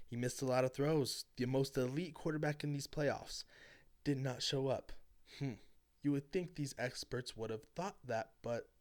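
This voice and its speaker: In a clean, mid-range voice, a sports commentator fires off an angry reaction rant about a football game. He mocks his critics with brash, profanity-laced trash talk.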